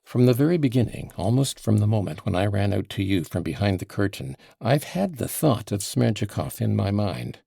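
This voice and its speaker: A man's voice: lowish voice, lively intonation, normal speed, gravelly, hardly any pauses, warm tone, no echo, clean studio sound, heavily acted. A man voicing an agitated, passionate accused man in an audiobook, with heated, emphatic outbursts. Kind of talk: audiobook character voice.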